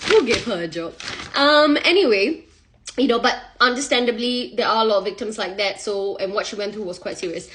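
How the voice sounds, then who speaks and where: A young woman telling a gossip story casually on social media, sassy and animated, acting out the quoted lines. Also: medium pitch, a little fast, a little hiss or hum.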